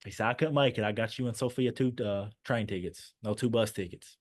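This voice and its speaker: Young guy on a podcast, low voice, acting out the back and forth of a story. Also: brisk. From Eastern Kentucky, USA. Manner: animated storyteller acting out dialogue. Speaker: guest, former basketball player.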